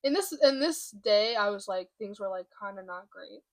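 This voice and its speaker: A young woman in a confessional vlog, speaking candidly and haltingly while holding back emotion. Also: mid-range voice, lively intonation. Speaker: vlogger. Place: room by a window, at home.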